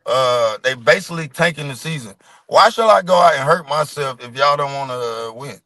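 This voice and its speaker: A man's voice: medium pitch, lively intonation, fairly quick, sharp tone, no room sound. A man co-hosting a casual sports chat, blunt and profane, often laughing. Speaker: co-host.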